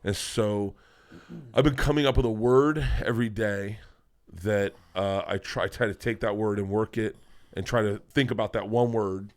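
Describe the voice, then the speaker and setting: A man's voice: fairly low pitch, normal speed. A man, a guest comedian, telling rambling, profane stories in casual podcast talk in a studio. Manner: profane, rambling, energetic storyteller.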